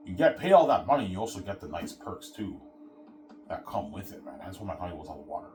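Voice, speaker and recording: Deep-voiced rambling male vlogger. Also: very animated, quick pace, a little mellow, faint music behind. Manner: casual, swearing, repetitive. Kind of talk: rambling solo monologue.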